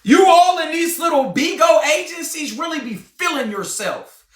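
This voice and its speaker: A man in a heated, confrontational livestream rant, often shouting. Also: extremely high pitch, expressive, moderate pace, distant mic. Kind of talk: ranting livestream monologue. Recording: roomy, off-mic sound.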